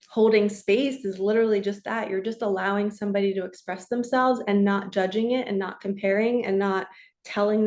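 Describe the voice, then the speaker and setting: A woman's voice: medium pitch, darkish tone. A woman in her forties, a spiritual coach and reader, talking casually to camera in an earnest, chatty way that is broken up by frequent laughs. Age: 40s. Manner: chatty and earnest, laughs often, slips into quoted voices.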